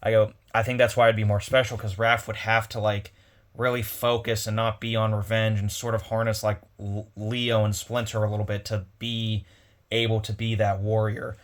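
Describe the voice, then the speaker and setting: A man's voice: on the low side, little pitch movement, normal speed. A man casually retelling a convention story on his vlog, rambling with many restarts. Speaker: comic collector vlogger.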